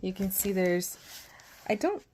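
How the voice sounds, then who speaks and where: A young woman from northern Canada, talking earnestly and carefully through a doll unboxing, with soft whispered asides. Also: mid-range voice, animated, unhurried. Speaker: doll collector and vlogger.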